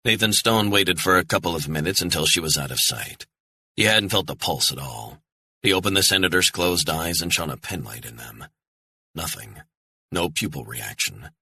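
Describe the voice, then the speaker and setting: A man narrating a thriller audiobook in a tense, measured way. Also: low voice, lively intonation, bright, forceful tone, slightly rough, no echo.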